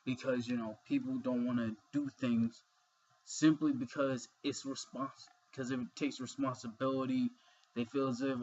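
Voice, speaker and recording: A young man talks straight to camera in a loose, rambling way, leaning on "you know" and the odd curse word. His voice is somewhat husky and he sounds sleepy. It is a dull, lo-fi home recording. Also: mid-range voice, level tone, normal speed, a little mellow. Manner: rambling, earnest, with frequent fillers and swearing. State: sleepy, yawning. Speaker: vlogger. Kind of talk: casual monologue.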